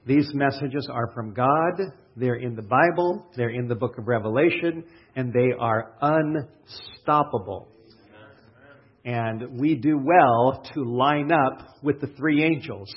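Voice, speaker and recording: Slow, husky-voiced preacher man. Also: mid-range voice. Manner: deliberate, stretches out key words; asks the congregation questions and answers them. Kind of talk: sermon with prayer and scripture reading. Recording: dull, lo-fi sermon recording.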